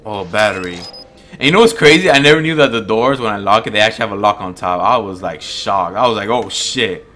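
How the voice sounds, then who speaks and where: A man giving casual let's-play commentary on a horror game, jumpy and swearing, shouting when chased and stumbling when he reads aloud. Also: lowish voice, brisk, a little hiss or hum. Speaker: gamer playing a horror game.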